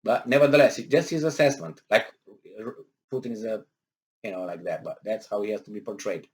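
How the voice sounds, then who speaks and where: Speaking briskly, a political commentator responds to a news article with sarcastic asides and rhetorical questions. Frequent hesitations break up his speech, and his pitch jumps whenever he emphasizes something.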